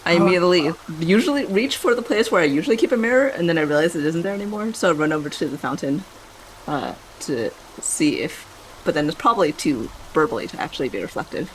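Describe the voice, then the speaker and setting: A woman talks through her character's moves in a tabletop game, her pitch swinging widely. She is animated and quick to react. A faint noise sits under the recording. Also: low-quality recording. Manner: animated, jumps into shrill character outbursts. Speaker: player. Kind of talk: tabletop role-play, narrating her character.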